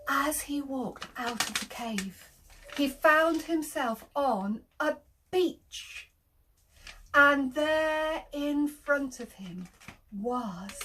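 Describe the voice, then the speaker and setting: A woman telling an interactive children's story, animated, gasping often, making sound effects and inviting the children to join in. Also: high voice, background noise.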